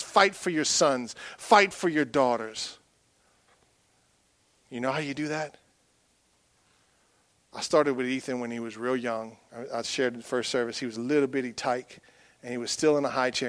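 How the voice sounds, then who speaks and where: A man's voice: medium pitch, no room sound. Man preaching a rousing sermon. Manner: folksy, swings from quiet asides to loud rousing preaching. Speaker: pastor.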